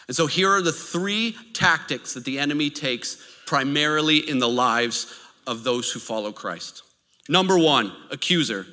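A man preaching a sermon in an animated, storytelling way, with occasional laughs. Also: fairly high pitch. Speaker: pastor. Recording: reverberant hall.

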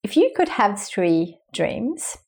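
A woman hosting a podcast, asking questions in an encouraging, gentle way with slightly loose grammar. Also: medium pitch, sing-song, slow, breathy edge. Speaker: podcast host. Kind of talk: interviewing.

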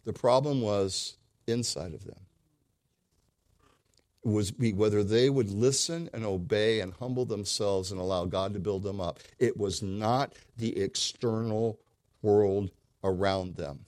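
A man delivers a sermon from the pulpit in a low-pitched voice. He hammers points home through repetition and swings between quiet, intimate stretches and loud, rising emphasis. The sound is close and dry, with little room around it. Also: unhurried, no echo. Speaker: pastor.

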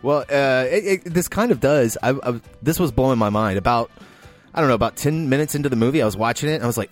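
A man's voice: medium pitch, lively intonation, fast, soft background music. A man hosting a podcast, chatting casually, laughing and exclaiming as he talks. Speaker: podcast host, film editor. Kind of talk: casual chat.

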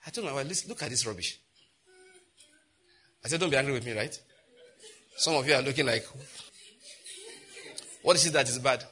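A middle-aged male pastor preaching a sermon, telling stories and rising to loud, impassioned outbursts. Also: mid-range voice, a little fast, pauses often, a little hiss or hum.

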